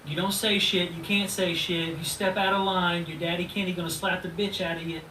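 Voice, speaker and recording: A man in his thirties hosts a profane, taunting rant aimed at a rival, with mocking laughs. His voice sits high and bright. He is recorded from a distance in a roomy, echoing space with faint background noise. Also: flat delivery, fairly quick. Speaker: channel host. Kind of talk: ranting video reply.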